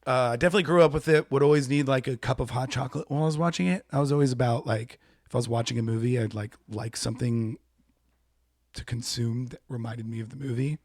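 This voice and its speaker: A young man co-hosts a podcast, chatting casually and acting out movie moments with animated energy. His pitch sits in the middle range. The sound is close and dry. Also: quick pace, no echo. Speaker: podcast co-host. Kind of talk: casual chat.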